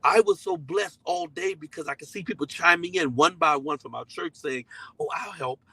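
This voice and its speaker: A man's voice: a little high, expressive, normal speed, creaky, bright, forceful tone, husky, dry recording, low-quality recording. Earnest middle-aged preacher man, dry sound. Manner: conversational and emphatic, repeating key phrases; slips into voices when quoting people. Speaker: pastor. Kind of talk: sermon-style teaching to a live online audience.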